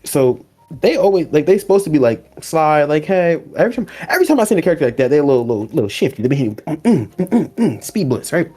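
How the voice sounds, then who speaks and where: A man's voice: fairly high pitch, rapid-fire, faint music behind. A man hosting a casual anime podcast, retelling episodes and acting out characters' lines. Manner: animated storytelling, acts out characters' lines, laughs often. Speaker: podcast host. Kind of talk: casual anime recap chat.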